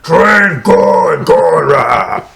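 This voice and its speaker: A man doing an impression of a gruff male movie monster who speaks in broken two-word phrases, with guttural grunts. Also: fairly high pitch, sing-song, extremely slow, heavy background noise, heavily acted. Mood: gruff shouting. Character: gruff shouting male monster, simple speech.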